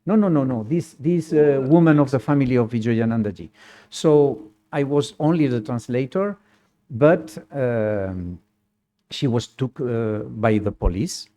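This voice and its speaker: A man recounts a personal anecdote in slow, halting, non-native English, with small grammar slips along the way. His voice is mellow and dark. He tells it in a lively way and laughs easily. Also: medium pitch. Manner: lively storyteller who laughs often.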